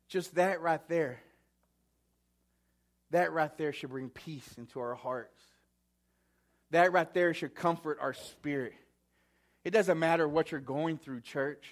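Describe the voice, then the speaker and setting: A man preaching a sermon, slow and deliberate, with a somewhat high voice. He repeats key words and lets long pauses hang. His volume swings from loud to hushed. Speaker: pastor.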